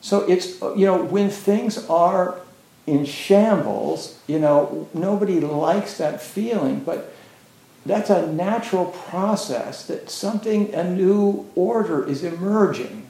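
A man's voice: high-pitched, slow, gravelly, dark tone. A man giving a casual, rambling Zen dharma talk, full of "you know" fillers. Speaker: Zen teacher. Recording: roomy echo.

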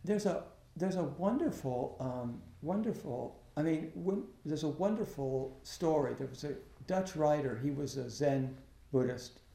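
A middle-aged man speaks slightly high for his age, with a gravelly edge to the voice. He tells a reflective story in halting bursts, full of restarts and fillers. The recording sits in a noticeably echoey room. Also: animated, warm tone. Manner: halting, many restarts and "you know" fillers. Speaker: academic and Zen practitioner.

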